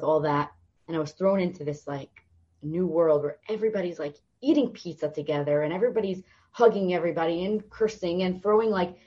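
A woman's voice: low voice, husky, dull audio. A young woman, a podcast guest, telling stories in conversation and acting out the voices of the people in them. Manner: lively storyteller acting out quoted voices. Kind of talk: storytelling in conversation.

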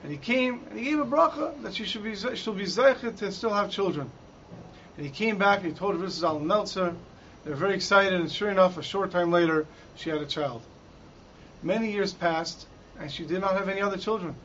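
A man's voice: high voice, fairly quick, fairly bright tone, a little hiss or hum. A man giving a Torah talk as a dramatic storyteller who raises his voice for quoted lines. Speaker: Torah teacher. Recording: dull lo-fi recording.

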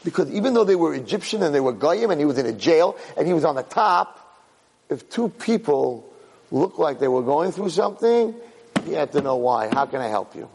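A man giving an animated Torah class. He repeats phrases for emphasis and mixes Hebrew terms into his English. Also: on the high side, moderate pace, creaky, slightly rough, big-room sound, poor audio. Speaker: Torah teacher. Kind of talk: Torah class on the weekly portion.

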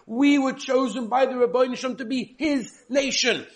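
A man's voice: very high voice, brisk. A man giving a spoken Torah class, reading Hebrew texts aloud and explaining them in with frequent repetitions. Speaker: Torah teacher.

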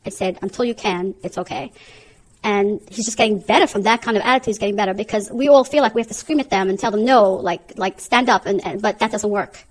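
A woman's voice: medium pitch, quick pace, hardly any pauses, low-quality recording. A woman with giving an emotional, earnest personal testimony as a mother, often repeating herself. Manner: emotional, repetitive, earnest storytelling.

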